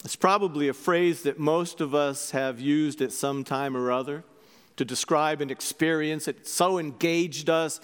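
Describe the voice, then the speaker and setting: A man preaching a sermon as a priest, telling stories in an animated way and acting out their voices. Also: fairly high pitch, measured pace, clear, resonant tone. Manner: animated storytelling, acts out voices. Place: church. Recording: long church reverb.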